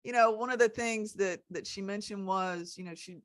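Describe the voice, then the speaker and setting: A woman's voice: mid-range voice, normal speed, dry recording. A woman hosting a casual podcast chat, rambling with lots of "you know" and "um.". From Texas. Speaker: host.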